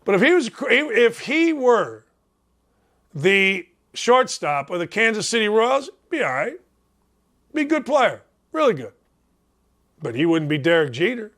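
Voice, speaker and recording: High-pitched fifty-something guy ranting on a sports show, blunt, yells his points over and over. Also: sing-song, a little slow, pauses often. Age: 50s. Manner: blunt, combative ranting, repeats his points and breaks into shouts. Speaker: sports talk show host. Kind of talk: sports talk radio rant.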